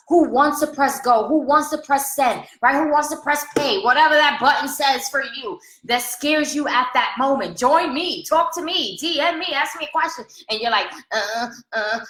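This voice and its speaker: Woman, high bright voice, animated motivational coach, frank and casual, echoey room. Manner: animated, acts out her own inner voice in quotes; frank and casual, with occasional swearing. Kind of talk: motivational monologue to followers.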